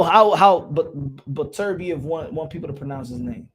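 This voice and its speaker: A man's voice: a little high, normal speed, slight background noise. A man hosting a casual boxing live stream, talking loosely in slang and muttering to himself while he checks who is on.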